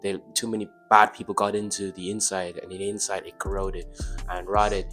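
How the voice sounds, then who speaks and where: Hesitant low-voiced male podcast guest. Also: flat delivery, a little fast, a bit bright, faint music behind. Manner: hesitant, stumbles and repeats words. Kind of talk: casual podcast chat.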